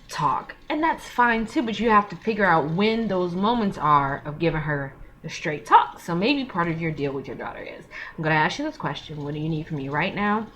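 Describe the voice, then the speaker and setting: A woman's voice: fairly low pitch, a bit bright, slight background noise. A woman giving frank, earnest parenting advice in a casual vlog, talking in slang and openly emotional.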